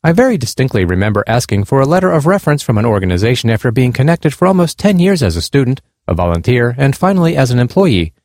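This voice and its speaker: A man's voice: mid-range voice, big pitch swings, fast talker, hardly any pauses, a little mellow, no room sound, studio quality. Earnest man reading a true account. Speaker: narrator. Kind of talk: reading a nonfiction account aloud.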